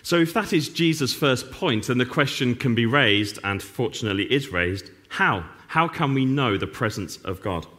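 A middle-aged man preaching a sermon as pastor, animated and full of dry, self-mocking humor. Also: medium pitch, moderate pace, hardly any pauses. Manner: wry, self-mocking humor with sarcastic asides.

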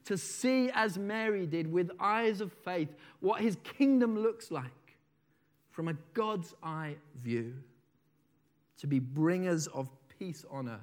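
A man preaching a sermon, swinging between loud declarations and soft, slowed phrases, and reading a testimony aloud with feeling. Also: on the high side.

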